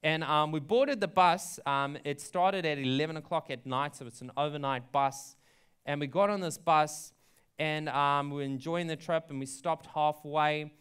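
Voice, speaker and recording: Young male pastor, fairly high voice, smooth and clear, chatty sermon storytelling, lots of ums. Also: moderate pace, a bit bright. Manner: chatty, frequent ums and likes, laughs at his own story.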